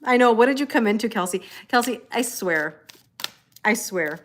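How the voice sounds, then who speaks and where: A woman's voice: fairly high pitch, animated, moderate pace, a little hiss or hum. A woman hosting a live tarot stream, chatting casually with viewers, joking and greeting them by name.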